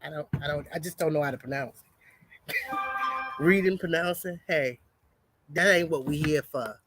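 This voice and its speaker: A woman chatting casually on a homestead livestream, greeting viewers and reading a product label aloud haltingly. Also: sits low, a bit bright, soft background music.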